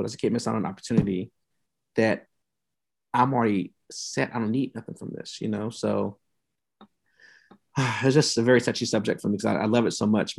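A man's voice: fairly low pitch, gravelly, a little mellow. A man telling his story as a guest on a podcast interview, earnest and heartfelt, repeating himself for weight. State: emotional, near tears at times. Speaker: youth mentoring program founder.

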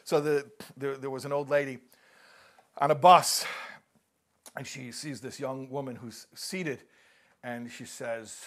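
A man's voice: mid-range voice, measured pace, pauses often. A man giving a live talk, telling jokes and acting out the characters, often restarting and repeating words. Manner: animated joke-telling, acts out characters.

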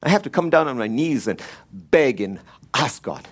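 A man's voice: medium pitch, lively intonation, normal speed, breathy edge. A man teaching the Bible in a church, emphatic and repeating key words, often rising when he stresses a point.

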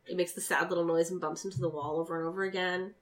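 Wry low-voiced woman podcast co-host. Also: fairly even intonation, very fast, low-quality recording. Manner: wry, dryly joking. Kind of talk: casual chat.

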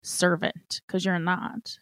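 A woman's voice: on the low side, flat delivery, slow, a bit bright, no room sound. A woman in casual chat, blunt and frustrated, swearing now and then.

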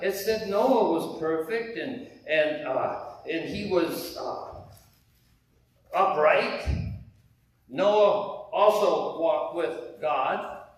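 Heard from far off in a very echoey church sanctuary, a man from the United States delivers a conversational sermon, peppering the congregation with rhetorical questions. His voice sits high, and the distant recording carries a little hiss or hum.

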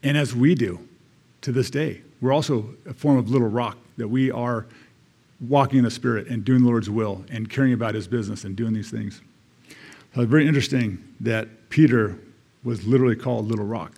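A man's voice: mid-range voice, fairly quick, mellow, slightly rough. American man preaching in a conversational way. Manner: conversational, reading scripture aloud with asides. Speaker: church elder preaching. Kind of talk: sermon.

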